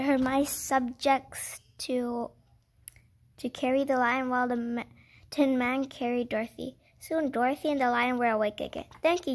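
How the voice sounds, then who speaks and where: High-voiced woman reading a storybook aloud; casual, stumbling and self-correcting, chatty asides. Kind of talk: casual picture-book read-aloud.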